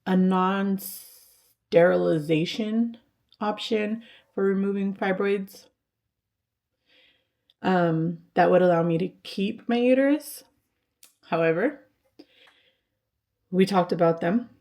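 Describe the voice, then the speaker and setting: A woman in her thirties speaking to camera in a personal vlog, halting and hesitant, with many fillers and restarts. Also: medium pitch, gravelly, darkish tone. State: tearful, voice breaking at times. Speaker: vlogger.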